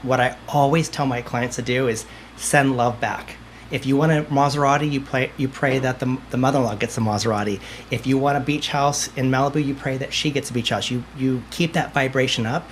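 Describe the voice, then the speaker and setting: A confident man, a medium speaking as a podcast guest, who tells stories with emphasis and circles back over his own phrases. His voice sits at an ordinary middle pitch, and a faint hiss runs under it. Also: fairly even intonation, a little fast. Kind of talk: conversational interview answers.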